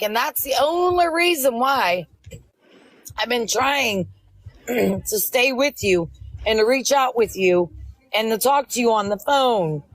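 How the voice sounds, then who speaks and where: Woman, high pitch, middle-aged, heated livestream confrontation, insistent, repetitive. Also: dry recording, poor audio. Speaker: livestream guest confronting host.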